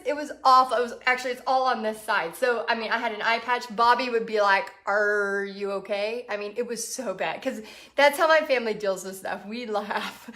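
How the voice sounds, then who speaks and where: A woman's voice: fairly high pitch, a bit bright. A chatty woman with a Texan accent, hosting a casual livestream, laughing often and reading out viewer comments. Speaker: art business coach host.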